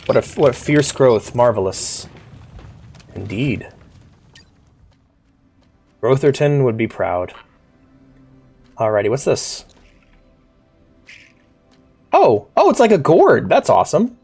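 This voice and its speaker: Coughing, animated game streamer. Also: medium pitch, slow, long pauses, slightly rough, soft background music. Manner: animated, yelps and shouts at the game character. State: sick, coughing. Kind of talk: casual live gameplay commentary.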